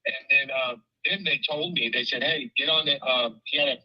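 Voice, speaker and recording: Guy rambling fast on a muffled call, repeats himself a lot, swears. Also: medium pitch. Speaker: caller recounting events. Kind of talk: casual phone chat.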